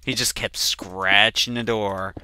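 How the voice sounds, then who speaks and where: Bright-voiced young man telling a story. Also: lowish voice, steady tone, takes it slowly, clean tone. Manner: rambling storyteller, swears casually, jumps to loud outbursts. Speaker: gaming channel host. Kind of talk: casual let's play commentary.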